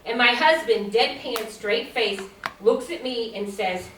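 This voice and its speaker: A woman's voice: a little high, measured pace, a bit bright, slight background noise. A woman in her sixties performing a stand-up comedy set, telling stories, acting out the dialogue and laughing at her own jokes. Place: small comedy stage. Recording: roomy sound from a distance.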